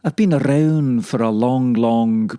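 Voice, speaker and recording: A man's voice: medium pitch, unhurried, dark tone, no room sound, studio quality, natural voice. A man putting on a posh suave devil. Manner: posh, smooth.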